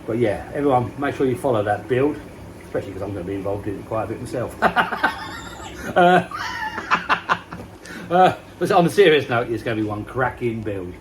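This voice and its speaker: A man in his fifties talks casually to camera outdoors, wandering off on tangents and poking fun at himself. His voice sits in an ordinary middle pitch. A faint outdoor ambience hums in the background. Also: expressive, fast, background noise. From England. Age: 50s. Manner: chatty, rambling, self-mocking, swears casually. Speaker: koi pond vlogger. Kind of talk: rambling casual vlog. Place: outdoors by a garden pond.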